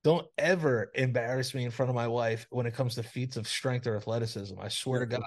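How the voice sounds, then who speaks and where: A man's voice: medium pitch, fairly even intonation, brisk. Profane ranting podcast host man. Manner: profane ranting, heavy filler "like". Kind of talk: casual crude banter. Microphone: remote video call.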